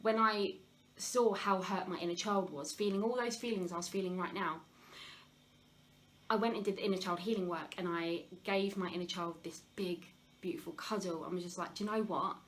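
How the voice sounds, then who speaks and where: A woman's voice: fairly low pitch, fairly even intonation, moderate pace, a little hiss or hum, poor audio. A woman hosting a live health talk, talking openly and confessionally about her past, with many fillers and restarts. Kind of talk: live Q&A, personal sharing.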